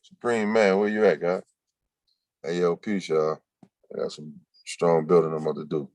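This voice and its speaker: A man's voice: sits low, little pitch movement, moderate pace, darkish tone, no room sound. A man hosting a livestream, chatting loosely in slang and reading viewers' comments aloud. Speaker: livestream host. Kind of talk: casual livestream chat.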